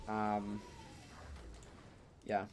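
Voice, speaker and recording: A young man, chatting casually through a live-streamed game, joking and breaking into loud outcries. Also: fairly low pitch, monotone, very slow, slight background noise. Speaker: gaming streamer.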